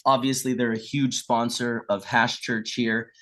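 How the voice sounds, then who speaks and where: Speaking a little slowly in a mid-range voice, a middle-aged man appears as a guest and casually spins stories. He acts out the quoted voices with animation and drops the occasional swear word.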